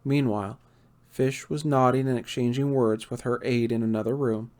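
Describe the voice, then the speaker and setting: Male audiobook narrator, mid-pitched, playful and lively with character voices. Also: moderate pace.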